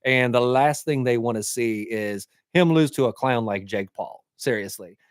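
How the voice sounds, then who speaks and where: A man's voice: mid-range voice, moderate pace, no room sound, studio quality. Earnest man arguing sports. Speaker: podcast co-host. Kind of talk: casual sports chat.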